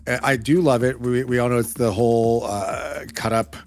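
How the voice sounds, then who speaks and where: A man's voice: medium pitch, fairly even intonation, normal speed, darkish tone. Sassy gushing male co-host. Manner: gushing, sassy, trails off and restarts. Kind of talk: casual chat.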